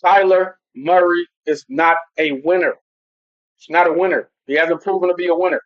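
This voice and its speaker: A man's voice: high-pitched, normal speed, no room sound. A man hosting a casual football livestream who rambles loosely and talks straight to his chat. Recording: dull lo-fi home stream audio.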